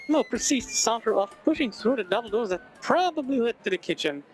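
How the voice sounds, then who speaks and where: Lively high-voiced man narrating a game. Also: fairly quick, few pauses, rough recording. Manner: chatty, wry asides. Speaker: video game let's player. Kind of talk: reading a visual novel aloud with commentary. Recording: background game music.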